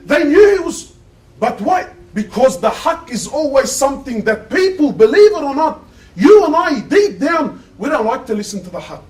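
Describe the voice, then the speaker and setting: A man's voice: very high voice, big pitch swings, moderate pace, darkish tone, far from the mic, low-quality recording. A man giving an impassioned sermon, firing rhetorical questions at his listeners. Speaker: preacher giving a Friday sermon.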